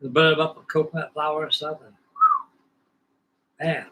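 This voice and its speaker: A man's voice: fairly high pitch, flat delivery, moderate pace, fairly bright tone, low-quality recording. A man hosting a scale-model building livestream, telling rambling, folksy stories in casual chat from his home workshop bench.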